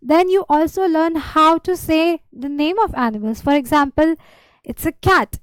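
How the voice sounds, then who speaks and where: A woman's voice: high-pitched, a little slow, no room sound, poor audio. A woman patiently teaching a beginner lesson, repeating words and giving simple examples. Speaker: language teacher.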